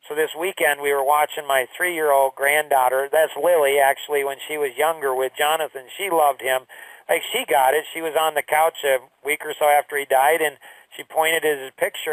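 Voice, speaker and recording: A man's voice: on the high side, fairly even intonation, a little fast, fairly bright tone, no room sound. Earnest middle-aged man, dry distant mic. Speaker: speaker sharing a personal story. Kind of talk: emotional personal talk.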